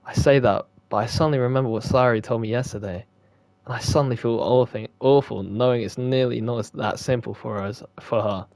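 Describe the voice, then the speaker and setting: A man's voice: mid-range voice, fairly even intonation, brisk, darkish tone, dry recording. A young man reads a visual novel aloud and swears freely between lines. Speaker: gaming streamer.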